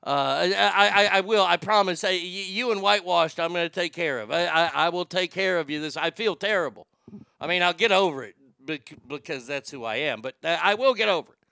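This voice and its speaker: Man, radio host, brash and profane, high bright voice, dry close sound. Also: a little fast, creaky, smooth, no echo. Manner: brash, profane, jokey, stammers and restarts. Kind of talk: casual morning show chat, reading listener messages.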